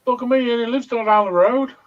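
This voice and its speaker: A man who reviews vapes, chatting casually and quickly on a live stream. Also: very high-pitched, a bit bright. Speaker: vape reviewer and show regular. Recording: dull lo-fi call audio.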